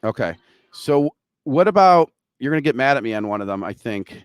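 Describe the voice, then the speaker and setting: A male host of a live market chat show, excitable and joking, tumbling over his own words as he goes. His voice is smooth and resonant, and it sits close and dry with no room around it. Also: medium pitch, brisk, no echo. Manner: excitable, joking, scattered restarts.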